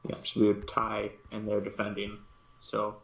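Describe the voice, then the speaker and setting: A man with a low voice talks plainly about dice rolls in a tabletop game. He sounds casual and matter-of-fact. The recording is roomy. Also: completely flat delivery, normal speed, gravelly. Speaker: player.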